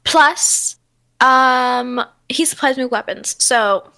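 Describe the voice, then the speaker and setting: Woman, 20s, podcast co-host: high, bright voice, giggly and gushing, dry close sound. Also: slow, creaky, no room sound. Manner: gushing, giggly, says "like" a lot. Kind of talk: casual chat.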